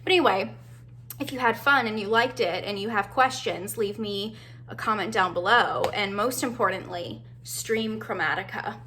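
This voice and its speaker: A woman's voice: mid-range voice, moderate pace, pushed and bright, slight background noise. A woman in her late twenties chatting casually through her makeup routine, bubbly and rambling with lots of fillers and asides. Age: late 20s. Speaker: beauty vlogger. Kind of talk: casual get-ready-with-me chat.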